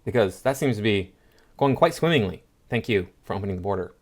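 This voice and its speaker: A man's voice: fairly low pitch, lively intonation, fairly quick, darkish tone. Sarcastic man riffing on posts. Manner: sarcastic, scoffing. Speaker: political commentary host. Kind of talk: reading and reacting to posts.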